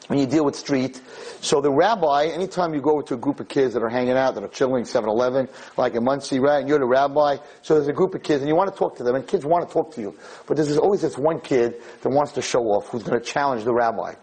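A male rabbi giving a storytelling lecture, animated and acting out the voices in his tale. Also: mid-range voice, fast talker, breathy edge.

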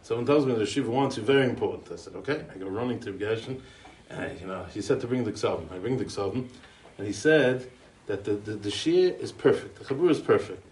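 A man's voice: lowish voice, expressive, quick pace, a little mellow, slight background noise. An American man giving a eulogy as a chatty string of anecdotes, in English full of Yiddish and Hebrew yeshiva terms. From United States. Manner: chatty, rambling, with restarts and chuckles. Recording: roomy, distant mic.

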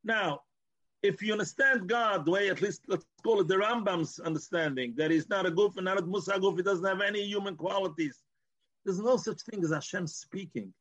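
A man's voice: sits high, fairly quick, fairly bright tone, muffled recording. A man teaching a Torah class, explaining as he goes and mixing in Hebrew and Yiddish terms, with frequent restarts.

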